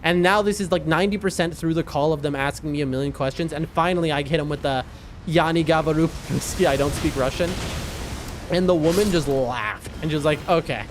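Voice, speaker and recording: A man's voice: on the high side, background noise. A man chatting casually as a game streamer, telling a rambling story and reacting to his gameplay with frequent laughs and restarts.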